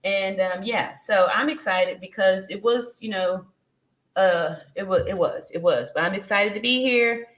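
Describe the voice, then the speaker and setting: A woman's voice: medium pitch, unhurried, a bit bright, reverberant. A woman in her fifties hosting a casual live stream, greeting viewers by name, reading their comments aloud and laughing often. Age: 50s.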